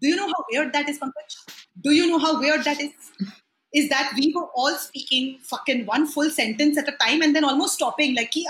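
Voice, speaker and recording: A woman's voice: high voice, a little fast, fairly bright tone, reverberant, poor audio. A woman in her thirties with an Indian accent, chatting animatedly as a podcast guest, laughing often and slipping into Hindi. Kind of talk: casual chat.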